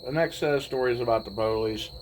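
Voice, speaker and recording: A man in his forties, telling a personal story in a laid-back, rambling way with pauses. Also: mid-range voice, a little hiss or hum, poor audio. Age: 40s. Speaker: vlogger. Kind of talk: casual storytelling.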